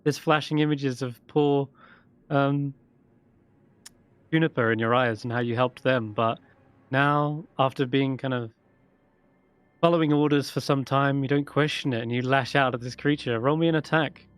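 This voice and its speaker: A man's voice: mid-range voice, steady tone, normal speed, long pauses, clean tone, no echo. A man narrating a tabletop role-playing game as dungeon master, rambling casually with fillers.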